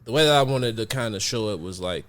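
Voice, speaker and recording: A man's voice: on the low side, animated, fast talker, fairly bright tone. A man hosting a podcast, chatting casually and explaining his thinking at length with many fillers. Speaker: podcast host.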